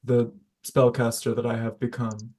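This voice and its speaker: A man's voice: medium pitch, flat delivery, normal speed, darkish tone. A man with a mid-range voice plays a spellcaster in a tabletop game. He speaks politely and a little formally while in character. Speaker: player. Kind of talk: in-character tabletop role-play.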